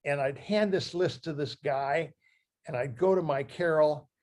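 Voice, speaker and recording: An older man from Ohio, a guest speaker who reads from his memoir in a halting, heartfelt way and often restarts his phrases. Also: on the high side, darkish tone. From Ohio, USA. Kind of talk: talk reading from his memoir.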